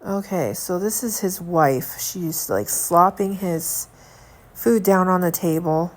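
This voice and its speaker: A woman's voice: lowish voice, slow. Indignant young woman chatting at home. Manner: earnest and indignant, rambling with many fillers. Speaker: vlogger. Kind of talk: casual chat to camera.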